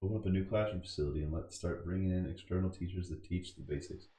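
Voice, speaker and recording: A man's voice: low voice, quick pace, dark tone. A man commenting casually on a computer game as he plays, thinking aloud, reading game text and cussing when annoyed. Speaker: gaming channel host. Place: home room at a computer. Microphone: boom mic. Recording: echoey room with game music.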